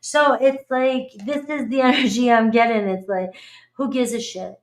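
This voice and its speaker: A woman's voice: on the high side, fairly even intonation, normal speed. A middle-aged woman giving a casual, blunt tarot reading, chatty and swearing freely. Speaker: tarot reader.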